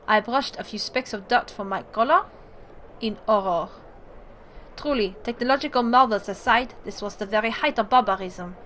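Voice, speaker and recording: A woman's voice: fairly high pitch, a little hiss or hum. Woman reading game text aloud. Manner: reads narration, then breaks off into excited asides. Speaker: let's play streamer.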